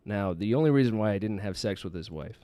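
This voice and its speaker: A man's voice: lowish voice, expressive, fast talker, mellow, no room sound. A man, a podcast guest, telling a rambling story in casual chat.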